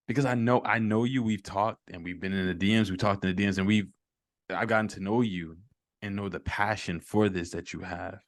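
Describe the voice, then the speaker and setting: A man's voice: fairly low pitch, fairly even intonation, brisk, no echo, clean studio sound. A man hosting a casual conversation, emphatic and encouraging toward his guest. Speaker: host.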